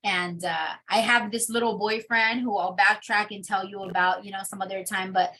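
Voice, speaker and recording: A young adult woman telling her personal testimony in an interview, in a casual, animated storytelling manner. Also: medium pitch, moderate pace, a little hiss or hum. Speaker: interview guest.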